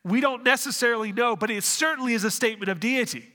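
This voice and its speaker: A man preaching a sermon as pastor, earnest, with dramatic pauses, in a church sanctuary. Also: very high-pitched, bright, forceful tone, long reverb tail.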